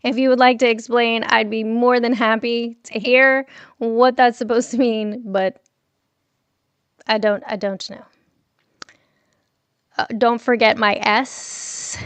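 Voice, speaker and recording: Casting: woman streamer, laughing and chatty, clear smooth voice on the higher side. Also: fairly even intonation, takes it slowly, pauses often, dry recording. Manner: chatty, laughs often, reads chat aloud. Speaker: livestream host. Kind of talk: casual livestream chat.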